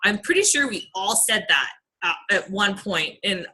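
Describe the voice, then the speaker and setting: A woman's voice: mid-range voice, very animated, moderate pace, pushed and bright, poor audio. A young adult woman leading a motivational team call, earnest and chatty with many fillers.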